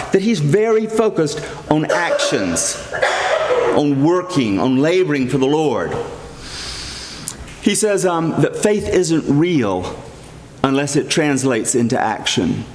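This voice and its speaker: A man's voice: a little high, noisy background. A middle-aged man preaching a sermon as a priest, earnest and emphatic, repeating key phrases. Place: church. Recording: echoey church hall with long reverb.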